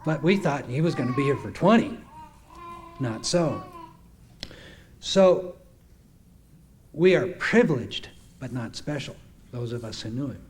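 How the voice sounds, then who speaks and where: A man's voice: medium pitch, animated, unhurried, pauses often, a little hiss or hum. A man giving a heartfelt spoken tribute to a gathering, earnest and reminiscing. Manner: earnest, reminiscing, acts out quoted speech. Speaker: speaker giving a testimonial.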